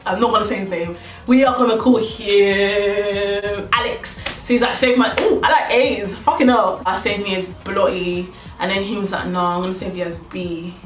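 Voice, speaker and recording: Woman, rapid lively vlog storyteller, recorded from a distance in a reverberant room. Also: mid-range voice, soft background music. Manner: animated, chatty storytelling, acting out quoted lines. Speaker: vlogger.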